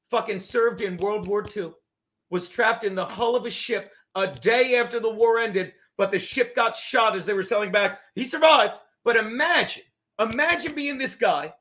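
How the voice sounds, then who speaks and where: In a high, pushed, bright voice, a man hosts a podcast livestream. He rants heatedly and rambles, swearing constantly in this profane livestream rant.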